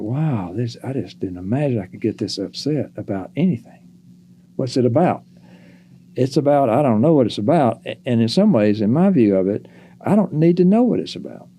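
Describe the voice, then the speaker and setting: An older man speaks in a deep, dark-toned voice with slow, halting phrasing. He reflects aloud as a guest in a relaxed podcast conversation. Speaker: psychologist guest.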